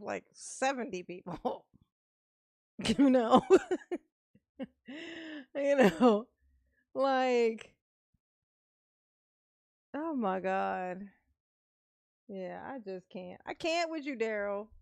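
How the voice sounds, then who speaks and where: A woman's voice: on the high side, a little mellow, no room sound. A woman hosting a casual livestream, teasing and laughing often, fondly calling herself Mama to her viewers. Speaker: livestream host. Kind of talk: casual live-stream commentary.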